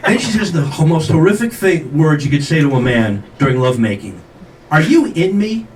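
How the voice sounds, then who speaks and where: A man's voice: on the high side, brisk. An older man performing a stand-up comedy set, telling self-mocking stories with brash acted-out quotes. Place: comedy club stage with audience laughter. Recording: echoey club from a distance, noisy.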